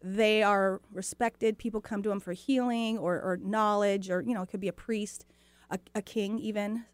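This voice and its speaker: A woman's voice: mid-range voice, steady tone, normal speed, clean tone, dry recording. A woman hosting a spiritual talk show, telling a personal story in a chatty, earnest way with lots of quoted dialogue. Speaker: host.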